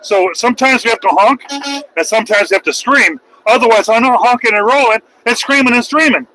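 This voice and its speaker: A middle-aged man, a truck driver, ranting loud, profane and mocking on a livestream. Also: very high voice, brisk, a little hiss or hum, low-quality recording. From United States. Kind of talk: livestream rant.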